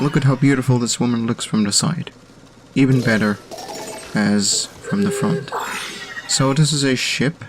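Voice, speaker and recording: A young man with a German accent giving let's-play commentary on game levels, halting and full of pauses and fillers. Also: lowish voice, slight background noise. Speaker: host reviewing community game levels.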